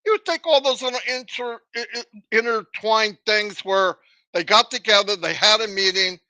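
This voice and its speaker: Man, motivational talk, high bright voice, emphatic, rhetorical questions, dry close sound. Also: moderate pace, dry recording. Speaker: motivational speaker.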